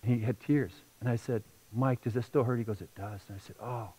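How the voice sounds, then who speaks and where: A middle-aged man preaching a sermon as pastor, telling a personal story with feeling and moving between hushed and loud passages. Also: medium pitch, steady tone, fairly quick, breathy edge, low-quality recording.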